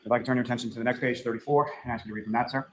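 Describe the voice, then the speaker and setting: A male attorney directs a witness from page to page in a courtroom and keeps reusing the same polite, formal phrases. He talks very fast, and faint noise sits under his voice. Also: mid-range voice, fairly even intonation, low-quality recording. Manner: formal, repeats set phrases. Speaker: trial attorney. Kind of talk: courtroom questioning.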